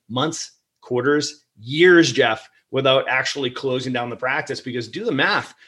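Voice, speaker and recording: A man's voice: medium pitch, fairly bright tone. Chatty, enthusiastic male podcast host. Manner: enthusiastic, chatty, laughs often. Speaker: podcast host and practice coach. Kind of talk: casual interview chat.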